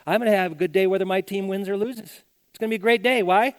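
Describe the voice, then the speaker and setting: High-voiced and fast, a middle-aged pastor delivers a sermon at church with a clean tone and no echo. As senior pastor, he speaks conversationally, repeating phrases and voicing the people he quotes.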